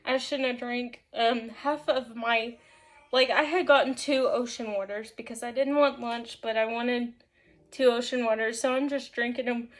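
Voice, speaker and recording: A woman vlogger telling a casual storytime, rambling and animated, full of "like" and laughing as she goes. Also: on the high side, normal speed. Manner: rambling, filler-heavy with frequent "like".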